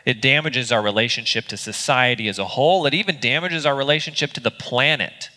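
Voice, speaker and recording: A man's voice: medium pitch, brisk, bright, forceful tone, long reverb tail. A man preaching a sermon as pastor, earnest and conversational, with small restarts. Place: church auditorium.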